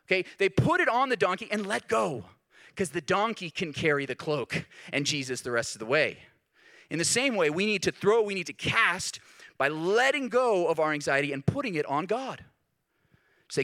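A man preaching a sermon as pastor, talking in a lively, conversational way and acting out the voices he quotes. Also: high-pitched, normal speed.

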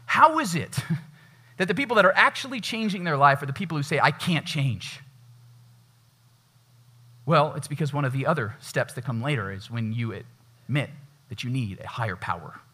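Guy pastor giving a sermon, bright husky voice, bounces up and down a lot, talks like he's chatting. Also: fairly high pitch, animated, fairly quick. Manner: conversational, acts out quoted voices. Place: church.

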